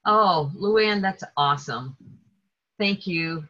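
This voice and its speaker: A woman's voice: on the low side, expressive, slow, fairly bright tone, muffled recording. A woman hosting who thanks and introduces speakers in an effusive, emotional way. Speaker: host. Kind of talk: hosting a call.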